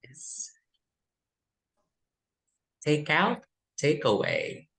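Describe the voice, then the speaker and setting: A woman runs a vocabulary lesson for test prep. She speaks slowly and deliberately, reading out word pairs and adding quick Tagalog asides. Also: deep voice, wildly swooping pitch, creaky, a bit bright, rough recording. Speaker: English test coach.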